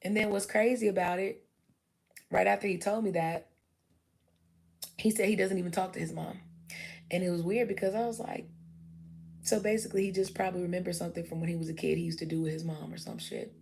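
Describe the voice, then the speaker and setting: A woman's voice: lowish voice, steady tone, a little fast, vocal fry, pauses often, darkish tone, a little hiss or hum. A young adult woman, chatting candidly on a livestream, swearing freely and acting out quotes. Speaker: livestream host. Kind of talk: casual storytelling chat.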